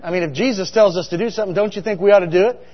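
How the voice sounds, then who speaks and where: A man's voice: high voice, very fast. A middle-aged man preaching a humorous, story-filled sermon, often asking the congregation questions. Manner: chatty, asks the congregation questions. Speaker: pastor. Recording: dull sound with long hall reverb.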